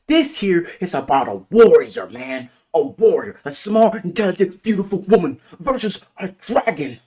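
A man excitedly ranting about a film, gushing and swearing with lots of exclamations. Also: sits high, moderate pace, breathy edge. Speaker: movie reviewer. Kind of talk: excited movie rant.

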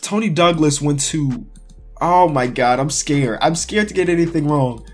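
A man talks his way through a sports quiz, excitable and quick to cry out when he misses one. His voice sits a little high, and faint music plays under him. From Chicago area. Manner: excitable, talks to himself, cries out in frustration. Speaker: sports YouTuber. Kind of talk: casual quiz commentary.

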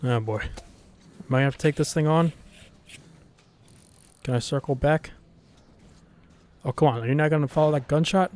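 This let's play gamer has a slightly high, somewhat mellow voice, speaking at a moderate pace with frequent pauses. His casual commentary is nervous self-talk, heavy on swearing and spoken reactions to the game.

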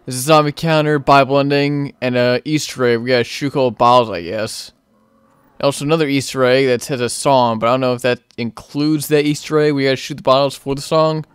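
A young man hosting his gaming channel, giving casual play-by-play commentary and getting excitable, yelling in frustration when things go wrong. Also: mid-range voice, fairly quick, clear, resonant tone, no echo.

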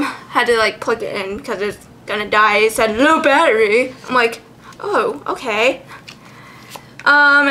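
High-voiced young woman, giggly and casual. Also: bright, forceful tone, slight background noise. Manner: giggly, swears freely, sounds out names. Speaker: card collection vlogger. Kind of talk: casual chat.

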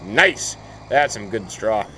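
A man's voice: fairly low pitch, lively intonation, takes it slowly, bright, forceful tone, slight background noise, poor audio. A man hosting a farming game let's play, chatting casually as he plays, thinking aloud and often breaking into mild exclamations. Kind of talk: casual gameplay commentary.

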